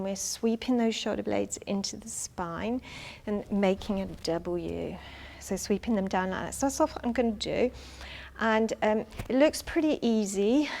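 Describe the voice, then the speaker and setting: Breathless woman leading a Pilates class. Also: mid-range voice. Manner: calm cueing, counting reps, breathy asides while exercising. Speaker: Pilates instructor. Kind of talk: online exercise class instruction. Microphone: worn mic.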